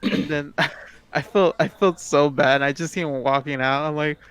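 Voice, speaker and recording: A man's voice: a little high, steady tone, moderate pace, a bit bright, clear, resonant tone. A young man co-hosting a podcast, telling a rambling story full of fillers and restarts. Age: young adult. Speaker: podcast co-host. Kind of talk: casual chat.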